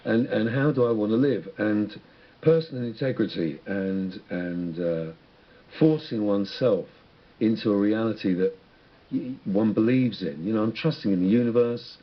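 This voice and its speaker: A man's voice: fairly low pitch, normal speed, highs cut off. A man guest on a radio interview, speaking in a rambling, reflective way with many restarts. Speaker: musician guest.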